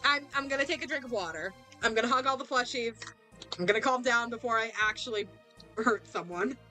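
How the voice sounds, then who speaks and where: A young woman streaming a game, excitably yelling and laughing at what happens on screen. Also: a little high, a little fast. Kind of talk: live game playthrough commentary. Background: faint game music.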